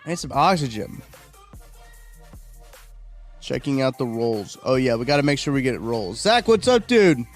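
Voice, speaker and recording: A man hosts a casual live stream from home, rambling and chatting as he reads viewer comments aloud. His pitch sits in an ordinary middle range, with faint music playing underneath. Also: moderate pace, long pauses. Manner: rambling, chatty, reacts to chat, yawning. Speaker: livestream host.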